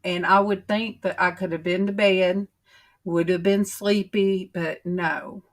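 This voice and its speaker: A middle-aged woman, rambling in homey, drawn-out stories as she chats casually with her livestream viewers. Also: lowish voice, fairly even intonation. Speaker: livestream host.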